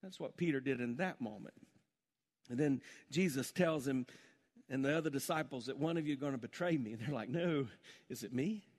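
A male pastor preaching a sermon with rhetorical questions and touches of humor, dropping to a soft, low voice in prayer. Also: fairly quick, long reverb tail.

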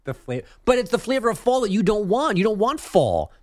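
A man's voice: sits high, big pitch swings, fairly quick, no room sound. A man hosting a sports talk radio show, bantering in a wry, joking way. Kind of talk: casual on-air banter.

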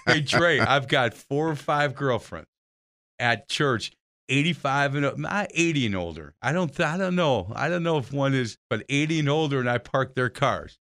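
A man's voice: medium pitch, animated, moderate pace, fairly bright tone, no room sound. Chatty laughing male radio host. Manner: chatty, laughing, stumbling restarts. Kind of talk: casual radio interview.

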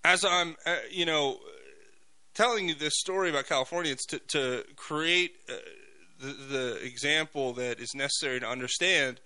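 A man hosting a talk radio show, telling stories in an animated monologue full of fillers and restarts. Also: on the high side, moderate pace, low-quality recording.

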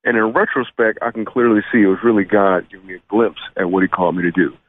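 Man, thirties, from Michigan, comedian guest, laid-back joking, lowish voice, tinny phone line. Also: fast. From Michigan, USA. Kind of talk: radio interview chat.

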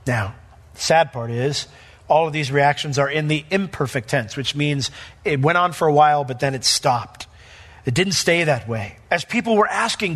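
Bright-voiced emphatic male pastor. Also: on the high side, moderate pace, slightly rough. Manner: emphatic, animated, acts out quotes. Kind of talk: verse-by-verse sermon.

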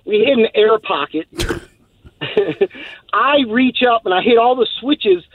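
Heard over a dry, tinny phone connection, this radio caller from Texas has a very high-pitched, animated voice and a measured pace. He rambles through a long story, laughing often and leaning on lots of fillers.

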